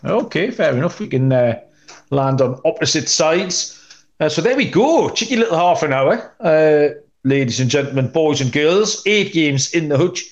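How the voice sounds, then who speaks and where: A man's voice: on the high side, expressive, moderate pace, dull audio. A man hosting a sports betting podcast, chatty and rambling with many ums, tossing in cheeky asides. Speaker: podcast host, betting analyst.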